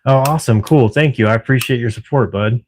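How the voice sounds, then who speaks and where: Working a night shift, this middle-aged Washington State livestream host chats casually with his viewers, quick to laugh and occasionally swearing. He talks fast at a medium pitch, with a little hiss or hum in the audio.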